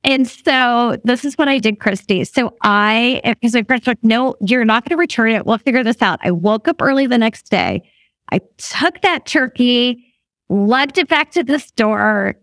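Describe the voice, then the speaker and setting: A female guest in her fifties, voice a little high and pace moderate, tells a story in an easygoing chat. She often breaks into laughter and vividly acts out other people's words. It's recorded in studio quality, without echo.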